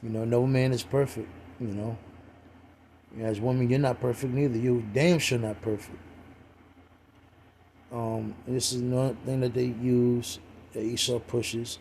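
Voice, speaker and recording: A man's voice: medium pitch, little pitch movement, a little slow, vocal fry, pauses often, darkish tone, slight background noise. A man giving a casual religious talk in a streetwise, profane way, full of "you know" fillers.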